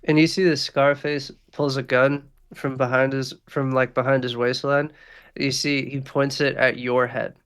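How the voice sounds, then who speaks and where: A man's voice: medium pitch, flat delivery, normal speed, fairly bright tone, clean tone. A man narrating a tabletop game as dungeon master in a loose, casual way, with lots of filler words.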